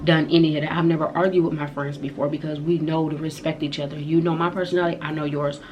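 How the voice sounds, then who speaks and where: A woman vlogger telling a story in casual slang, animated and profane. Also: low voice, fast talker, lo-fi sound, a little hiss or hum. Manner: animated, profane retelling of a fight. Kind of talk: storytime vlog.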